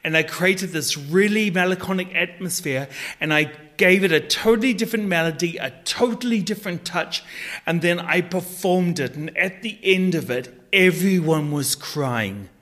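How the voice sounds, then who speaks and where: Guy with a high voice, gets emotional telling his story, earnest. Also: normal speed, a bit bright. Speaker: podcast guest. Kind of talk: personal storytelling.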